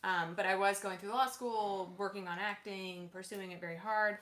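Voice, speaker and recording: A bubbly, playful woman chatting casually on a livestream, her talk quick to turn into laughter. Her voice sits at an ordinary middle pitch for a woman. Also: steady tone, a bit bright, roomy sound. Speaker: co-host, lawyer and actress.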